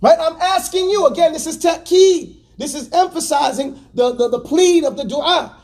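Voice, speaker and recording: A man teaching a class, animated and stop-start, having students repeat words after him. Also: very high voice, moderate pace. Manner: stammers and restarts often. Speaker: teacher of Quran exegesis class. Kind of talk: classroom lesson.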